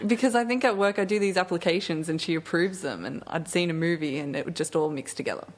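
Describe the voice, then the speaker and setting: A woman's voice: fairly low pitch, fast. A young woman co-hosting a casual radio chat show, talking in a laid-back way.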